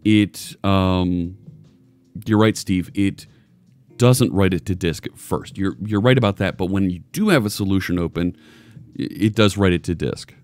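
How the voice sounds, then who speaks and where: Over soft background music, an American man jokes and chats loosely with viewers during a casual live coding stream, rambling as he works. He speaks unhurriedly in a low, slightly mellow voice.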